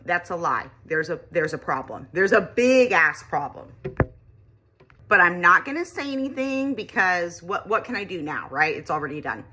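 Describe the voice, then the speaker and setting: A woman telling an exasperated, animated storytime rant to the camera, swearing freely. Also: on the low side, moderate pace, slight background noise. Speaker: vlogger. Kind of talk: ranting storytime.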